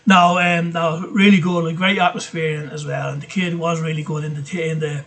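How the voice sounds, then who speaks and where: Man, Irish accent, fairly high voice, casual vlog chat, rambling, swears freely. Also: fairly even intonation, a little fast, hardly any pauses. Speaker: vlogger. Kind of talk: casual film list chat.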